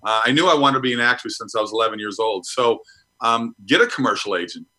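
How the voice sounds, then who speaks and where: A man's voice: mid-range voice, quick pace, pushed and bright, rough recording. A middle-aged man from Minnesota, a guest actor talking frankly about his career in a casual interview.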